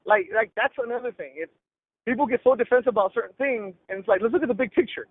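A middle-aged male sports broadcaster from Los Angeles speaks bluntly and emphatically, using slang, in a casual podcast interview. His voice is high and husky, his pace quick, and the tinny, dry line carries no echo.

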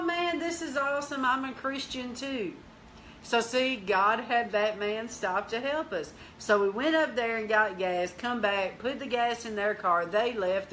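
A woman hosting a Christian teaching show, telling a lively testimony, acting out the dialogue and breaking into prayer and praise. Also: mid-range voice, a little hiss or hum. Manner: lively storyteller, acts out dialogue, bursts into praise.

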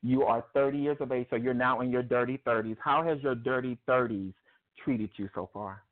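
A man's voice: medium pitch, fairly even intonation, moderate pace. A man in his thirties hosting a call-in interview, chatty, with frequent ums and easy laughs. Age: 30s. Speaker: host. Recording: tinny phone line.

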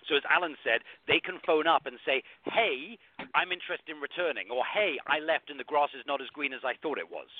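Fast-talking man on a phone line. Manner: quick, explanatory, pitching a product. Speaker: guest, alumni platform founder. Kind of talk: casual talk show discussion. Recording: dry, phone-like narrow sound.

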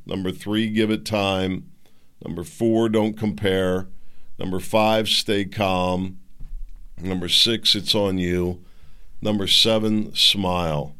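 A man's voice: fairly low pitch, a bit bright, smooth. A middle-aged man hosting a solo opinion talk show, rambling and digressive, with frequent fillers and restarts. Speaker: podcast host.

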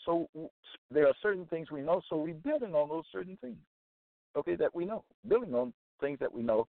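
Man, religious broadcast host, emphatic and repetitive, fairly high voice, tinny phone sound. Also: animated, brisk, vocal fry, no echo. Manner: emphatic, repetitive, frequent "okay?" check-ins. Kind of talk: preaching Bible commentary.

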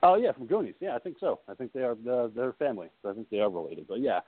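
A man's voice: mid-range voice, sing-song, racing. A man co-hosting a horror movie podcast, talking casually and enthusiastically, rambling and laughing often. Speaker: podcast co-host. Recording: tinny phone-like audio.

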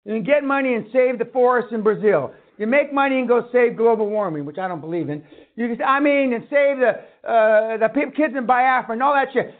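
Male seminar speaker, very high pitch, blunt and foul-mouthed; thin telephone-quality audio. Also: a little fast. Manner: blunt, swearing, ranting. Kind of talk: profane motivational lecture. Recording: tinny phone-like line.

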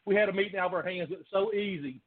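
A man telling animated wrestling stories in casual chat, laughing often. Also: high-pitched, very fast. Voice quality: country accent. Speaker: guest, former pro wrestler. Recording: phone-like line with faint noise.

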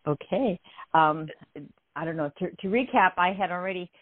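An older woman as a guest, telling a story in an animated way, often laughing, heard over a phone line. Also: fairly low pitch, moderate pace, no room sound.

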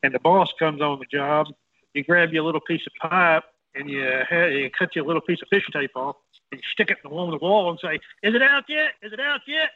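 A man's voice: fairly high pitch, steady tone, fast talker, no room sound, lo-fi sound. A man chatting casually on a talk show, telling folksy anecdotes from the electrical trade. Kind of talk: casual chat.

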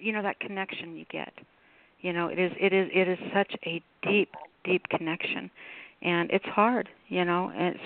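A woman's voice: lowish voice, no room sound. Chatty woman radio host over a phone line. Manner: chatty, rambling with many fillers. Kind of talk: casual call-in chat. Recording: tinny phone-line audio.

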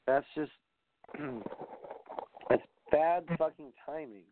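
A man's voice: a little high, slow, a little hiss or hum. A man giving a rambling, profane rant as a wrestling commentator, sounding exasperated. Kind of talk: ranting podcast commentary. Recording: dry tinny phone-like audio.

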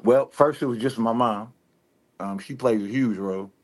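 A man with a Detroit accent, guest on a radio interview, talking in a relaxed, rambling way full of fillers and restarts. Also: mid-range voice, moderate pace. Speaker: rapper guest. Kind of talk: casual interview talk.

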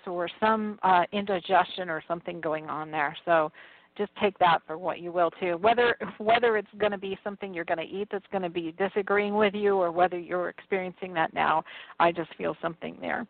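A woman psychic medium giving a reading in casual chat, hedging and gently advising. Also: mid-range voice, dry recording. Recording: tinny dry phone line.

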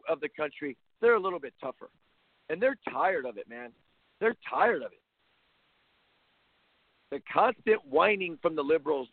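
A man's voice: sits high, no room sound. A man hosting a sports talk show, delivering a blunt, mocking, opinionated monologue. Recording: tinny phone-line sound.

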